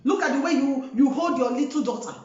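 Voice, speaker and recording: High-voiced lady scolding people in a vlog, very echoey muffled room. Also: quick pace, a little mellow. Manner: lecturing, scolding, keeps asking "Eh?". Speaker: host. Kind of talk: scolding commentary monologue.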